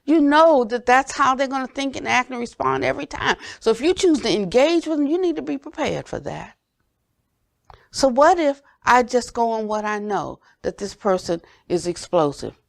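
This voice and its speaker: An older woman teacher giving a dharma talk, earnest and gently questioning, often dropping to soft low tones. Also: animated, moderate pace, creaky, no room sound, studio quality. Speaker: Buddhist teacher.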